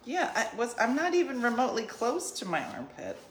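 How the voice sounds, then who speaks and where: A woman's voice: a little high, wildly swooping pitch, brisk, roomy sound, a little hiss or hum. A woman hosting an online show, chatting casually with viewers and laughing as she tells stories. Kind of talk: casual live-stream chat.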